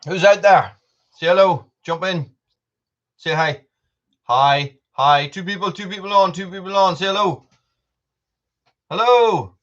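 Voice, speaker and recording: A chatty man from Britain hosts a casual live stream from home, greeting viewers and eating popcorn between lines. His voice sits a little high. The sound is dull and lo-fi. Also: measured pace, pauses often, fairly bright tone. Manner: chatty, reads out viewer names, eats popcorn while talking. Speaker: livestream host.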